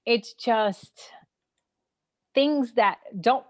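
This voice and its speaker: A woman's voice: fairly high pitch, drawn-out words. Frank laughing woman with a Brooklyn accent. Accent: Brooklyn, New York. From New York City. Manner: frank, animated, laughs often, many fillers. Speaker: guest. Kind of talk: casual conversation on a live online session.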